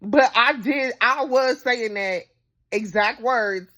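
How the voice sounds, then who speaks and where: A woman vlogger telling a dating story to her viewers in a hyper, animated and blunt way. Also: a little high. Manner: hyper and animated, talks fast in bursts; assertive, blunt. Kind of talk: casual storytelling to camera.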